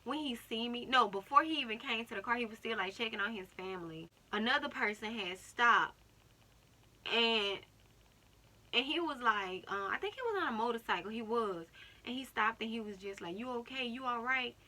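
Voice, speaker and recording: A young woman vlogger with a slightly high voice tells a personal story at a moderate pace in a casual vlog. She retells it animatedly, acting out what other people said.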